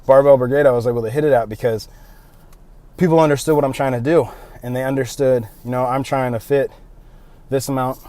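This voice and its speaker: A man's voice: medium pitch, steady tone, a little fast, long pauses, dark tone. A young man talking casually and rambling a bit, out of breath, recorded on a handheld phone while doing cardio outdoors. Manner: loose, rambling, with fillers and self-mocking asides. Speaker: powerlifting vlogger. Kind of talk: casual vlog monologue. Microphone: phone held in hand.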